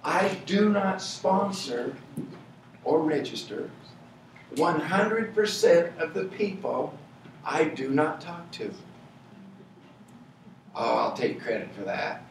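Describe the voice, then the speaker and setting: An American man giving a lively motivational speech at a sales event, punching key points with shouts and humor. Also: on the high side, a little slow, vocal fry, pauses often, recorded from a distance, a little hiss or hum. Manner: energetic, playful, shouts for emphasis. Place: large event hall with audience. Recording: echoey hall, voice from afar.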